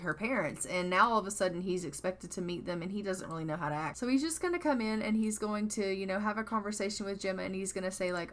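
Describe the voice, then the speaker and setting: A woman's voice: mid-range voice, fairly bright tone. A woman casually narrating her life-sim gameplay, chatty and full of fillers. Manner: chatty, many fillers like "like" and "you know". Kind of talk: casual let's-play narration.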